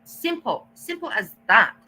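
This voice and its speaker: A woman's voice: fairly high pitch, very animated, pushed and bright, husky, poor audio. A woman vlogger ranting to her camera, blunt and defiant, cursing often and stalling as she hunts for words. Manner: halting, searches for words. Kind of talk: casual rant to camera.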